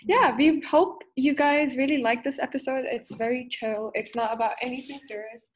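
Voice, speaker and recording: Young woman co-host, higher voice, upbeat and chatty. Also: normal speed, poor audio. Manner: upbeat, filler-heavy, laughs between phrases. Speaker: podcast co-host. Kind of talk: casual chat.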